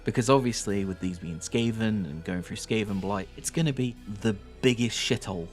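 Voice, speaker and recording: A young man with a Northern English accent talks over his hobby footage in a loose, joking voice-over, swearing freely and teasing his viewers. His voice sits low. Faint music plays underneath. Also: moderate pace. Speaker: miniature painting YouTuber. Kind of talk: casual voice-over narration.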